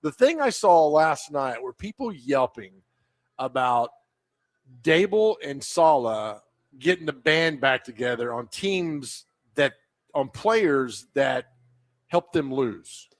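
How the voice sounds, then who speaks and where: A man's voice: on the high side, big pitch swings, slow, dry recording. A man hosting a live sports talk radio show from a hotel, chatting casually and telling rambling jokes. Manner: joking, rambling storyteller. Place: live remote broadcast from a hotel.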